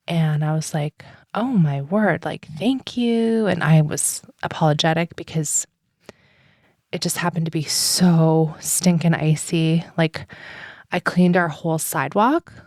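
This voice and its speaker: Woman, podcast host, lower voice, chatty rambling storytelling, dry close mic. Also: a little mellow, no room sound. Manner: rambling and chatty, heavy on "like" and "um", laughs often. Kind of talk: casual personal storytelling.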